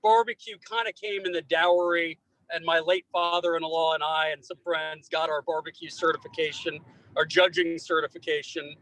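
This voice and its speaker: A man running for office, answering an interviewer's closing question in a folksy, emphatic way with lively anecdotes. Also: a little high, normal speed, rough recording. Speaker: political candidate.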